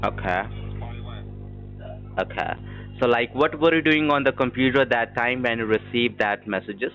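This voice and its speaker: A man at mid pitch on a dull, lo-fi phone line, faint music behind him. He works through a support script, formal and repetitive, with stiff phrasing. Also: normal speed, a bit bright. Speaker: scam call agent.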